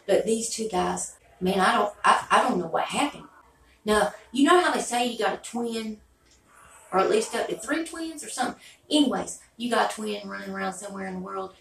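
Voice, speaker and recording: A woman's voice: mid-range voice, lively intonation, moderate pace, vocal fry, roomy sound, distant mic, rough recording. A woman beauty YouTuber rambling in a chatty, folksy way straight to her viewers. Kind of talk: rambling casual vlog chat.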